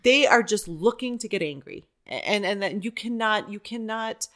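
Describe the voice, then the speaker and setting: A woman's voice: mid-range voice, animated, normal speed, fairly bright tone. A woman speaking as a podcast guest and improviser, telling candid, digressive stories with plenty of "like" and "you know". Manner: chatty, digressive, many fillers like "like" and "you know"; acts out quoted voices while telling stories. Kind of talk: candid conversational storytelling.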